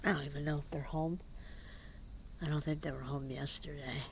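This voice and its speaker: A man vlogging outdoors in a casual, rambling way, halting and hesitant, rueful and confiding, sometimes dropping to a hushed near-whisper. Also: on the high side, little pitch movement, vocal fry, a little hiss or hum. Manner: halting and hesitant, with repeated fillers and restarts. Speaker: vlogger and musician.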